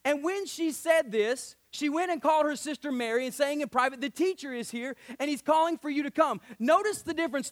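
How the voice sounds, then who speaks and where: A man with a very high voice preaches to his congregation in a church sanctuary. He delivers an animated sermon, dropping in frequent amens and slipping into whiny put-on voices to mock his listeners. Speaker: pastor.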